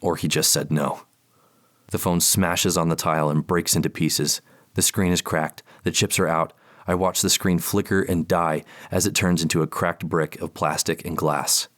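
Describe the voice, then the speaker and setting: A man's voice: low voice, fairly even intonation, normal speed, a bit bright. A man narrating a first-person audiobook in a tense, panicked inner voice.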